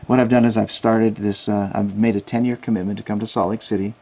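A man guest in a casual interview, telling animated stories and acting out the people he quotes. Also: on the low side, quick pace. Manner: animated anecdotes, acts out quoted voices. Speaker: guest, Christian outreach worker. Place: Salt Lake City.

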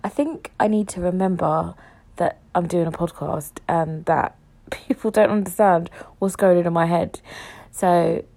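A woman's voice: lowish voice, fairly even intonation, measured pace, vocal fry, dark tone. Chatty woman podcast host. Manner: rambling, jokey, self-mocking, jumps between thoughts. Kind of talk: solo casual chat podcast.

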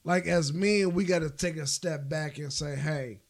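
A man's voice: a little high, normal speed. A man co-hosting a casual podcast chat, blunt and profane, laughing easily. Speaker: podcast co-host.

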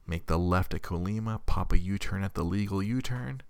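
A man in his thirties co-hosting a casual chat, telling an animated story and acting out the voices of others. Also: low-pitched, moderate pace, no echo. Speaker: podcast co-host.

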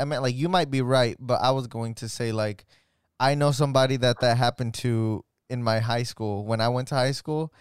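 A young man hosting a casual podcast chat, excitable and slangy, full of "bro" and exclamations. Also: mid-range voice, smooth, dry recording, studio quality. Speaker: podcast co-host.

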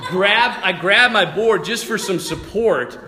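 A priest giving a sermon, telling a personal story in a lively way, laughing and restarting his sentences. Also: high voice, a little slow, echoey room. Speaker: priest, vocation director.

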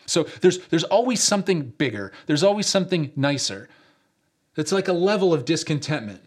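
A man's voice: fairly high pitch, sing-song, a little fast, slightly rough. Conversational man preaching with fillers. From upstate New York. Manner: conversational storytelling with frequent "uh" fillers; rhetorical repeated questions. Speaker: pastor. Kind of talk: sermon.

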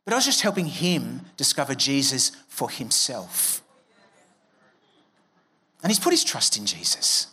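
A man's voice: medium pitch, huge pitch swings, a little slow, long pauses, sharp tone, slightly rough. A man preaching a sermon as a pastor, conversational and joking, acting out quoted voices. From Australia.

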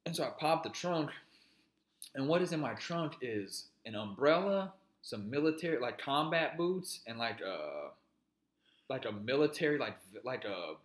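A man's voice: medium pitch, lively intonation, normal speed, reverberant. A man co-hosting a podcast, telling a long story in casual chat, cursing and rambling. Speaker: podcast co-host.

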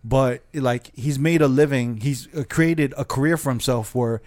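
A man chatting casually with friends, easygoing and profane, leaning on "like" and "right?" as he tells a story. His pitch sits in an ordinary middle range, and his speech rambles with restarts. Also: normal speed. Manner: relaxed, profane, storytelling with lots of "like". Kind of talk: casual chat.

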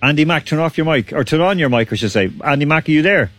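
A man's voice: fairly high pitch, expressive, fast, fairly bright tone, no room sound, faint music behind. A man hosting a casual online quiz, chatty and laughing often. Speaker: quiz host.

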